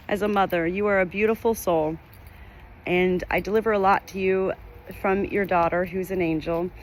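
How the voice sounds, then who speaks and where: There's a little hiss or hum under this medium-pitched woman's voice. A middle-aged spiritual medium at her farm home, she speaks directly to the camera in an earnest, rambling way, repeating her phrases.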